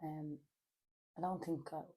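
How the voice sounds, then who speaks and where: Podcast guest: woman, Dublin accent, lower register, halting and filler-heavy, perks up for anecdotes. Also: slightly rough. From Ireland. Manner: hesitant, many fillers, animated when telling stories. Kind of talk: casual chat.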